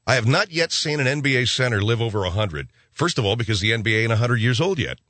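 A man hosting a talk radio show, rambling and sarcastic in a gruff, offhand way, on a studio microphone. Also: medium pitch, big pitch swings, fast talker, fairly bright tone, dry recording.

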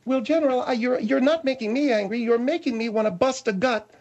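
A man's voice: extremely high pitch, fairly quick, a little mellow, muffled recording, pitched above the performer's own voice. A man voicing a prim, serious woman co-host who scolds and teases. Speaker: comic radio character.

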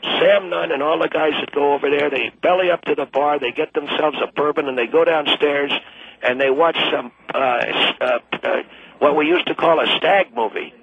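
A man's voice: fairly high pitch, fairly even intonation, normal speed, creaky, slight background noise. A man in his late seventies, a retired attorney calling in to a radio show, talking in a blustery, crude and blunt way. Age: 70s. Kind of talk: call-in radio talk. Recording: tinny phone line.

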